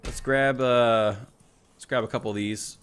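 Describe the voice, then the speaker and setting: A man's voice: medium pitch, fairly even intonation, a little slow, a bit bright, a little hiss or hum. A man casually narrating his own gameplay, thinking aloud, correcting himself and chatting to the units on screen. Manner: thinks aloud, self-correcting, talks to the robots. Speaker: let's play host.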